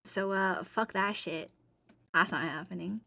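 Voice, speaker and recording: A woman's voice: medium pitch, measured pace, vocal fry, sharp tone. A woman streamer talks casually with her chat, rambling and playful. She giggles often and moves loosely from one thought to the next.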